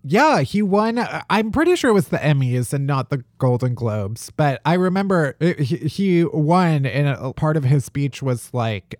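Young male podcast co-host, joking and animated, very lively pitch. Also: unhurried, hardly any pauses, no room sound, studio quality. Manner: animated, joking, mimics voices. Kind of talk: casual chat.

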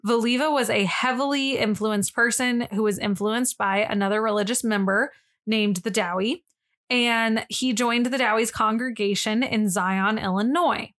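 A woman's voice: fairly high pitch, steady tone, moderate pace, a bit bright. A young woman on a podcast, chatting casually as she tells a history story and often says "like". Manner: chatty, lots of "like" fillers. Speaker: podcast co-host.

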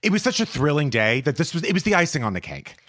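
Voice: mid-range voice, big pitch swings, quick pace, a bit bright. A co-host in a casual chat, gushing and enthusiastic.

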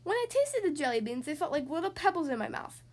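A woman hosting a children's podcast, reading a picture book aloud in an expressive, animated way. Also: sits high, fast talker. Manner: animated and expressive, acting out the characters. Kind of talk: storybook read-aloud.

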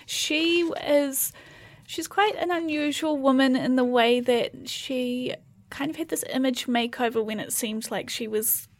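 A woman's voice: high-pitched, measured pace. A woman, co-hosting a podcast in casual chat, rambling and restarting as she explains. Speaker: podcast co-host.

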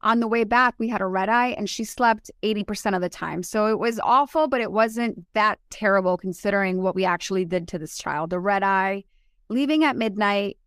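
A woman in her forties, born in Colombia, telling animated and emotional stories as a podcast co-host. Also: medium pitch, brisk, clean tone, no room sound, studio quality. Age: 40s. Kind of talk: casual chat.

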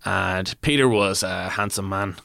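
A man's voice: low-pitched, a little slow, vocal fry, bright, forceful tone, no room sound. A man rambling theatrically through a comic story, with many hesitations, on a comedy podcast. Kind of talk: improvised comedy podcast banter.

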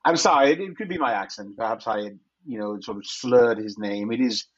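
A man's voice: mid-range voice, lively intonation, fairly quick, breathy edge. A man voicing a genteel older male big-game hunter who talks politely and rambles with many restarts, in a tabletop game. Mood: rambling. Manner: courteous, rambling, hesitant with repeats. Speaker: player. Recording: dull lo-fi mic.

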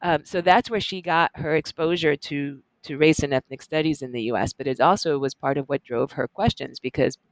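A middle-aged woman professor telling stories in a lively, animated way as an interview guest. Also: low voice, brisk, few pauses, no echo. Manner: lively, animated storyteller with laughs. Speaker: guest, professor and journal editor. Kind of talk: conversational interview storytelling.

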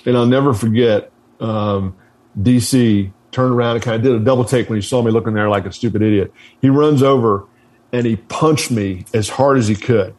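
A man of ordinary pitch tells a story from his service days in a loose, conversational way. He is blunt and swears freely, and he often trips over and restarts his sentences. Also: moderate pace, darkish tone. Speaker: guest, military veteran. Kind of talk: casual storytelling.

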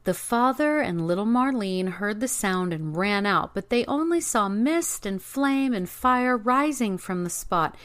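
A woman narrating a fairy tale in a measured, expressive reading. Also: medium pitch. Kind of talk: storybook narration.

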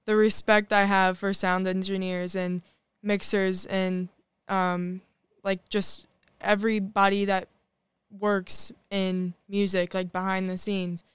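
A young woman guesting on a podcast speaks casually, peppering her sentences with "like." Her voice is strikingly smooth and clear, held to a narrow, even pitch, and it is recorded dry with no room sound. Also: slow, no echo. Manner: casual, with frequent "like" fillers. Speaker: singer-songwriter guest. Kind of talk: casual interview chat.

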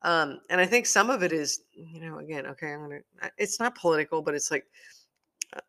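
A man's voice: a little high, vocal fry, pushed and bright. A man talking through his week in a casual, rambling monologue as a podcast host, full of "you know" fillers and self-deprecating asides.

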